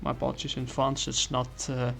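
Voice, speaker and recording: Gravelly man rambling through a comic review. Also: medium pitch, monotone, brisk, a bit bright, faint music behind. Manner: rambling, lots of fillers and apologies.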